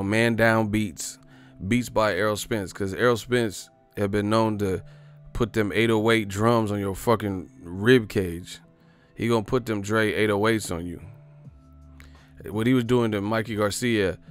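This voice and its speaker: Joking slangy man with a low voice. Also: smooth. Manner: loose, joking, slangy street talk with put-on voices. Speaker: boxing YouTuber. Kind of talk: casual comedic boxing commentary.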